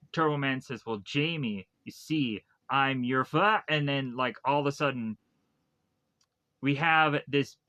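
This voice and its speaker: A man's voice: medium pitch, bright, forceful tone. A man reviewing a movie, casually retelling the plot in a rambling way with lots of repeated phrases. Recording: dull lo-fi dry recording.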